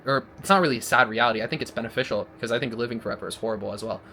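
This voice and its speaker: A man's voice: mid-range voice, rapid-fire, bright, forceful tone, slight background noise. A man delivering a blunt, profane motivational monologue, rambling and restarting as he goes. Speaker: vlogger.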